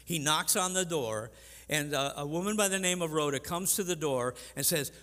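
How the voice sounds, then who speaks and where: An older man preaching a sermon as pastor, earnest and halting, with frequent restarts. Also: a little high, expressive, a bit bright. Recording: long reverb in a large hall.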